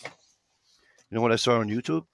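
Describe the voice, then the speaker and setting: A man's voice: medium pitch, brisk, vocal fry. A man co-hosting a casual talk show, rambling through a story and retelling both sides of the dialogue, swearing casually. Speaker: podcast co-host.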